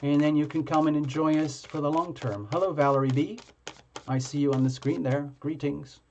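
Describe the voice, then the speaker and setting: A man hosting a live tarot reading stream, chatting casually with viewers in a halting way, full of fillers and restarts. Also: fairly high pitch, steady tone, darkish tone, highs cut off, slight background noise.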